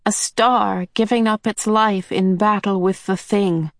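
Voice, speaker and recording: A woman voicing a gentle, sorrowful ancient female star being who speaks softly and falters. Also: mid-range voice, steady tone, unhurried, no echo, studio quality, pitched above the performer's own voice, close to an everyday voice. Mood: sad. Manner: soft, sad, faltering.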